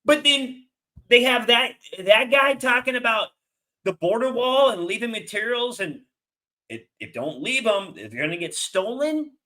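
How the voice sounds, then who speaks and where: A man with a high voice speaks in a heated, angry rant. His tone is bright and sharp as he reacts to clips in his commentary video. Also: expressive, moderate pace. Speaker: political commentator.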